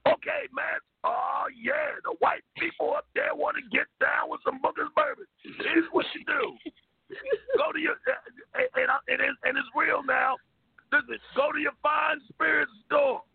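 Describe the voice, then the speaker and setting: Guy putting on a squeaky high rowdy old uncle, gravelly, bragging and shouting on a radio show. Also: lively intonation, moderate pace, dry recording, heavily acted. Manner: stammering, boastful, bawdy jokes. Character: rowdy boozy old man Uncle Ike. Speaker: regular comic character. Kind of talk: comic radio call-in bit. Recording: tinny phone-line radio audio.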